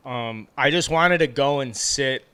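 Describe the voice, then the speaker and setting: A man co-hosting a casual sports podcast, a rambling storyteller with animated asides. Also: mid-range voice, measured pace, clean tone. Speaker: podcast co-host.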